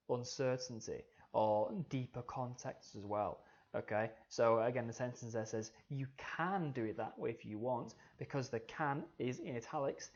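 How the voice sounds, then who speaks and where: A man teaching a media studies lesson over slides, talking straight to his students and saying "okay" again and again. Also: mid-range voice. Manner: relaxed, says "okay" often, talks to students directly. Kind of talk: recorded slide lecture. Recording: slightly dull lo-fi audio.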